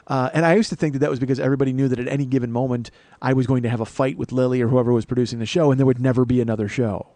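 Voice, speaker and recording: A middle-aged man hosting a comedy podcast, rambling through a solo monologue with self-mocking asides and sudden bursts of loud mock-outrage. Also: medium pitch, steady tone, rapid-fire, hardly any pauses, no echo. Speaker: podcast host.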